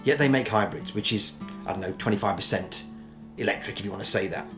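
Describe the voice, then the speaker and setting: A man's voice: fairly low pitch, quick pace, fairly bright tone, soft background music. A man giving casual, opinionated commentary as a news vlogger, talking in a chatty, rambling way with many ums and restarts.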